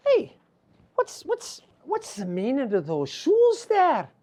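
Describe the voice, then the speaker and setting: An Irish man voicing an excitable old man who asks eager, wondering questions in a storybook tale. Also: very high voice, slow pace, pitched above the performer's own voice, full character voice.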